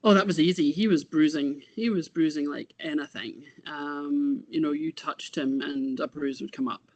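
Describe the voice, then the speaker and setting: Halting reflective woman. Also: low voice, a little mellow, no room sound. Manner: halting and reflective, trails off often. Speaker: interview guest, bereaved mother. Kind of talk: casual conversation.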